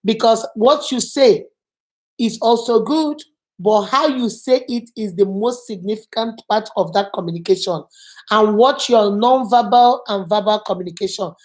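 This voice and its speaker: A woman's voice: medium pitch, normal speed, a little mellow. A middle-aged woman hosting a channel, giving advice in earnest, emphatic casual talk and repeating words for stress. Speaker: channel host.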